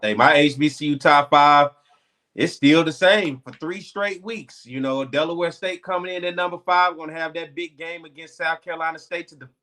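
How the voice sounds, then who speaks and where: A man co-hosting a sports talk show, talking in animated, excitable casual banter. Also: a little high, moderate pace.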